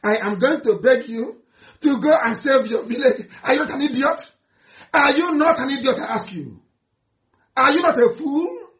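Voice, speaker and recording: Fiery high-voiced Nigerian man, roomy lo-fi. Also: lively intonation, normal speed. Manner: fiery, mocking, swings from shouting to low muttering. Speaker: activist leader addressing supporters. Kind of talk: impassioned speech. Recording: roomy, dull lo-fi recording.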